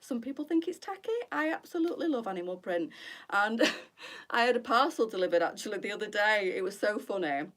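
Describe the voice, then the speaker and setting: A woman's voice: mid-range voice, expressive, brisk, fairly bright tone. A middle-aged woman, chatting casually to viewers on her boutique live stream and calling them girls.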